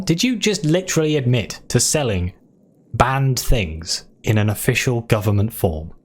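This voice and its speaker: Lively man playing through a game. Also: mid-range voice, moderate pace. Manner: lively, off-the-cuff, reads game text aloud. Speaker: gaming video host. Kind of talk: casual game playthrough commentary.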